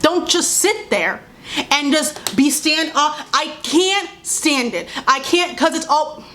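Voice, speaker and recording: A woman's voice: high-pitched, animated, slow, fairly bright tone, a little hiss or hum. A young adult woman vlogging, speaking heatedly and emphatically, repeating her points and mimicking others mockingly. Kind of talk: impassioned commentary to camera.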